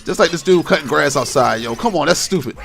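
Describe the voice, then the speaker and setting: A young man with a fairly high voice tells a story to his vlog audience. He talks casually and is full of slang. He retells it in an animated way, and faint music plays behind him. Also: quick pace, gravelly. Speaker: vlog host.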